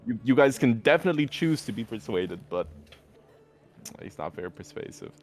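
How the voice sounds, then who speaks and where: A man's voice: medium pitch, expressive, fairly quick, faint music behind. A man narrating a tabletop game as game master in a rambling way, with many fillers.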